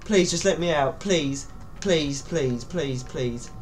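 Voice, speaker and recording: Young gamer, slightly high voice, slow and drawn out, panicky, pleading, faint music behind. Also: male voice. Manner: panicky, pleading, yelps and nervous laughs. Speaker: gaming YouTuber. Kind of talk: horror game commentary.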